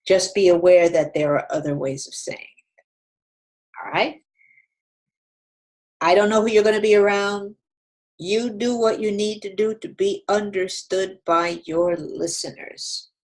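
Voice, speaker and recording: A middle-aged woman teaching Spanish online. She models words slowly one by one with an Ecuadorian Andean accent, then talks to her students in a chatty, encouraging way. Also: mid-range voice. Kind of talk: online language lesson with pronunciation drills.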